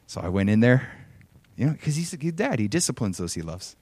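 A man preaching a sermon, telling a personal story with animated swings between loud emphasis and soft asides, often chuckling. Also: mid-range voice, a little fast, breathy edge, dry recording.

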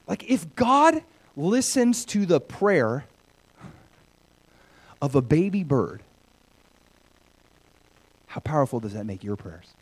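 Pausing often and speaking slowly, this pastor has a voice on the high side. His animated, conversational preaching alternates between bright, loud moments and quiet, hushed passages.

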